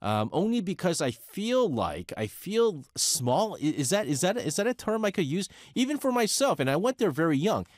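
A man in his forties with a New York accent, chatting casually as a radio host, animated and talkative, often laughing and correcting himself. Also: sits high, normal speed, few pauses, dry recording, studio quality. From United States. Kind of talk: casual radio talk, answering a listener letter.

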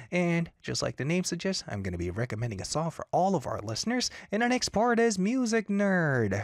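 A man's voice: high voice, no room sound. Upbeat man hosting, dry sound. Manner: lively, upbeat, reads out listener comments. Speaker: radio show host. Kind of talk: live-streamed show, reading chat comments.

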